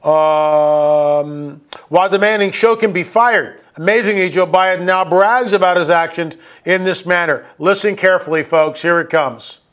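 A man's voice: sits high, moderate pace, fairly bright tone. A man giving an indignant, emphatic political commentary over video clips.

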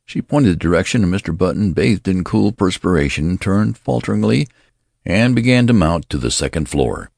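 Male audiobook narrator, deliberate and expressive, husky voice with lively pitch. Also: no echo, studio quality. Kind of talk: scripted story narration.

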